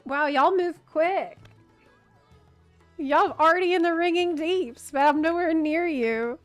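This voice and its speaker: Woman streaming a game, high voice, takes her time, playful and giggly with her group. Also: measured pace, pauses often, no echo, soft background music. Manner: playful and giggly, chatting with teammates. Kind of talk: casual chat while gaming.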